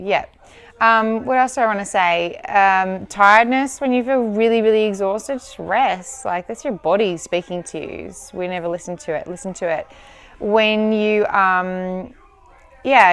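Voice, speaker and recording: Blunt chatty woman vlogging at home, swears a lot, smooth clear voice, mid pitch. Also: fairly bright tone. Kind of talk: casual chat to camera.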